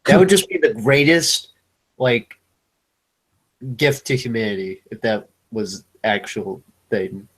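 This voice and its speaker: A man's voice: lowish voice, expressive, takes it slowly, husky. A young man in casual conversation, laid-back and hesitant, trailing off with fillers. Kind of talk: casual chat.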